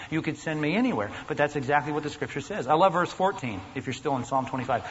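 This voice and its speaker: A man's voice: on the high side, fairly bright tone. A pastor preaching an earnest, emphatic sermon, asking his listeners questions as he goes. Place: church sanctuary. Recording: dull, lo-fi recording in a large reverberant hall with faint noise.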